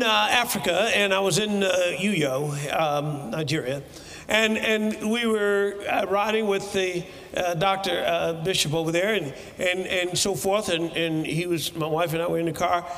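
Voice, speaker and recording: A man preaching a sermon in a church, animated and breaking into shouted bursts. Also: high voice, measured pace, in a large hall.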